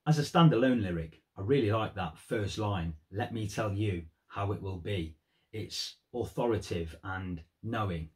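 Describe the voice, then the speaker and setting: A man's voice: on the low side, animated, moderate pace, a little mellow. A man giving earnest, thoughtful commentary on song lyrics in a vlog. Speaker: music vlogger.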